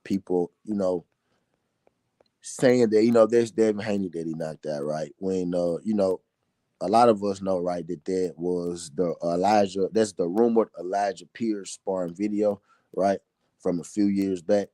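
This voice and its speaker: A low-pitched man with a dark, mellow voice hosts a casual live boxing show, talking loosely and with profanity. He keeps checking in with "you know what I mean?" and answers viewers' comments as he goes. His voice sounds dry and close to the mic. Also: fairly even intonation, measured pace, no room sound. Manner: reads and answers chat comments. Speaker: boxing talk show host.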